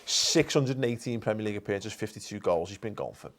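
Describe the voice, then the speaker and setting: A man's voice: lowish voice, lively intonation, quick pace. Man hosting a football chat, reciting stats. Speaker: show host. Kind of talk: casual chat.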